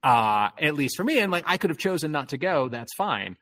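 A man's voice: fairly high pitch, big pitch swings, brisk, a bit bright. A man telling a casual story, rambling with lots of fillers and swearing freely. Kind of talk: casual chat.

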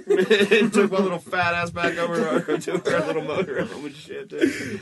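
A man's voice: sits high, normal speed, a bit bright. A man from Texas, telling a profane story with lots of "uh" and "man". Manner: loose, profane, drawling fillers like uh and man. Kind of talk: casual storytelling chat.

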